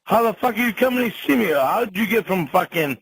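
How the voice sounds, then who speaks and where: A man with a slightly high voice argues bluntly over a phone line, cursing and repeating himself. The sound is dry and close. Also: expressive, fast, fairly bright tone, breathy edge, dry recording. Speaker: show host. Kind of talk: heated phone argument.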